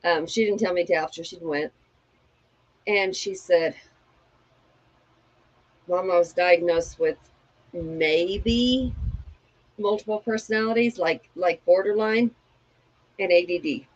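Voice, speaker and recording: A woman's voice: on the low side, takes it slowly, pauses often, muffled recording. A woman co-hosting a chat show, telling a family story frankly and giving advice. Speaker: co-host. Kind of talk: candid personal chat.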